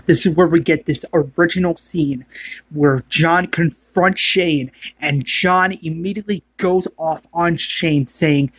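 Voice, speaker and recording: Slow husky male storyteller. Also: a little high, fairly even intonation, dry recording. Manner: rambling, loose narration. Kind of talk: casual retelling of a fan story.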